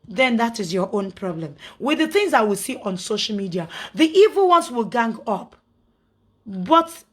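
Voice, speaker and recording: A woman's voice: fairly high pitch, a bit bright. A middle-aged woman with a Nigerian accent, talking casually to her followers, indignant and preachy, full of rhetorical questions. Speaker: social media personality.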